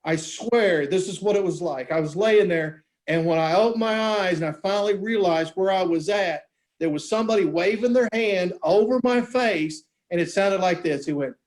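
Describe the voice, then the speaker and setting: This guest, who pitches in beep baseball, spins animated tales in a high voice and a relaxed, easygoing conversation. His pace is moderate, and whenever he quotes someone he performs their voice.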